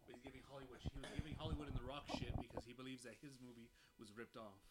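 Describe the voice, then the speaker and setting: A man's voice: medium pitch, steady tone, rapid-fire, very noisy. A man guest on a casual podcast, explaining things in a matter-of-fact way. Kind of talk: casual chat.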